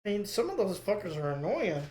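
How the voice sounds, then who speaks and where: Deadpan podcast co-host in a roomy space. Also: mid-range voice, fairly quick. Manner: deadpan quips, frequent swearing. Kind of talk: casual comedic chat. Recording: roomy echo.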